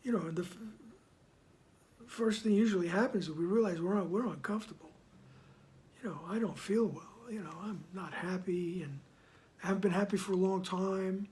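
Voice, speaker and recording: A man giving reflective commentary on a spiritual text. He speaks softly, often slips into a whisper, and keeps checking in with "right?". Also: high-pitched. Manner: soft-spoken, often dropping to a whisper; unhurried, checks in with "right?" after each point. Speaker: spiritual study reader and commentator.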